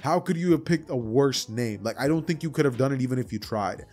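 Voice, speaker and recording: A cocky teenage boy hero with a quick temper, all smug jabs and low threats, as a male narrator puts him on. He talks in a fairly plain, mid-pitched voice, with faint music underneath. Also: darkish tone, lightly acted. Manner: cocky and snappish.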